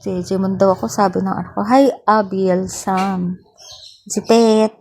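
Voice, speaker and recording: A woman's voice: mid-range voice, fairly even intonation, moderate pace, a little mellow, a little hiss or hum, rough recording. A young woman, casually chatting on a livestream and reading out viewers' names while she asks for support. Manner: mixes English with Filipino phrases. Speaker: livestream host.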